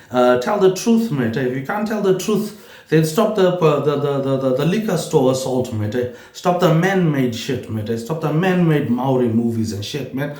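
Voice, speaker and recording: Rambling New man in a roomy echo. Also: a little mellow. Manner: rambling, repeats words, tags lines with a low "mate, eh". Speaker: vlogger. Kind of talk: rambling solo monologue.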